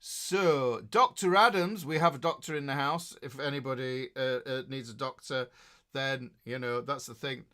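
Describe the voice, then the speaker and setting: A man's voice: mid-range voice, fairly even intonation, moderate pace, pushed and bright. A middle-aged man, chatting casually as a guitar teacher hosting a live class and reading out viewers' names with jokes and fillers. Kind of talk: casual live-stream chat.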